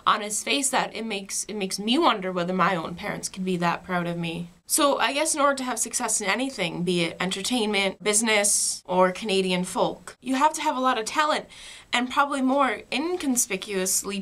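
A woman's voice: mid-range voice, fairly bright tone. A young woman vlogger telling a self-deprecating, wry story about an awkward encounter. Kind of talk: casual storytelling monologue.

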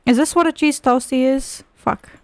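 With a high, slightly mellow voice at a moderate pace and no room sound, a woman curses and mock-scolds her way through a horror game stream. She's sarcastic and mock-angry, but goes sing-song when reading a storybook aloud.

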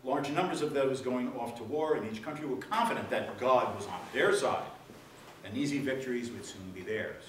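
A man giving a public lecture, telling jokes in an animated storytelling way before the serious talk. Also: mid-range voice, normal speed. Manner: animated storyteller, voices the joke characters. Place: lecture hall with audience. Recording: echoey hall, distant mic, room noise.

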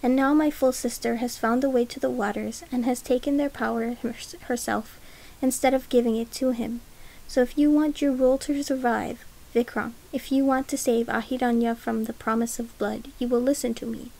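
Careful, guarded noblewoman, read by a woman narrator, slightly high voice. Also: fairly even intonation, gravelly, a little mellow, low-quality recording. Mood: bitter. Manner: measured and careful.

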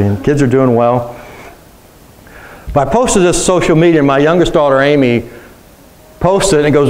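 A man's voice: medium pitch, moderate pace, darkish tone, rough recording. Man preaching a conversational sermon. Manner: conversational storytelling, asks the congregation questions. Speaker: pastor. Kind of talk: sermon with personal stories.

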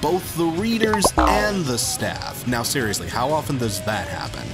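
A man's voice: medium pitch, lively intonation, a little slow. A man in his thirties, a rock critic host, delivering scripted music review commentary in an emphatic, sardonic way.

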